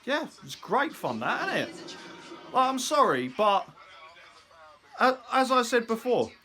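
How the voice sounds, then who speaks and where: A man's voice: very high-pitched, sing-song, slow, pushed and bright. A man ranting angrily on a vlog, swearing often and mocking. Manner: angry, profane, mocking. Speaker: vlogger. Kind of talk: ranting commentary to camera.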